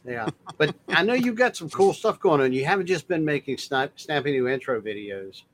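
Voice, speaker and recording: A man co-hosting a podcast in casual chat, easygoing and quick to laugh. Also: a little high, expressive, a bit bright, a little hiss or hum, poor audio. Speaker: podcast co-host.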